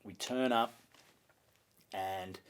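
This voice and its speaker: An Australian comedian telling a lively story on a podcast, swearing and acting out other people's voices. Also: male voice, lowish voice, extremely slow, clean tone. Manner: animated, swearing, acts out voices. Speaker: comedian guest.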